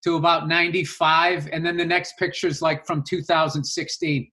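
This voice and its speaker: A middle-aged comedian chats loosely on a podcast, circling back on himself with fillers and self-mockery. His voice sits high for a man and has a bright, forward tone. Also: little pitch movement, normal speed. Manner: rambling, self-deprecating, full of restarts and fillers. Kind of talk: casual chat.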